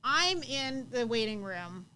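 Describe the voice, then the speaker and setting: A woman's voice: a little high, very animated, slow pace, pushed and bright, a little hiss or hum, rough recording. A woman co-hosting a live show, earnestly telling her side of a story and backing up her co-host. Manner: earnest, adds details and backs up the co-host.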